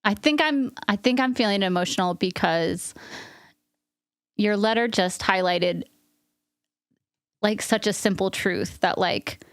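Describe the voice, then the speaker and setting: A woman's voice: medium pitch, measured pace, pauses often, clean tone, no echo, clean studio sound. A woman co-hosting a podcast in casual chat, earnest and openly emotional, rambling with restarts. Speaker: podcast co-host.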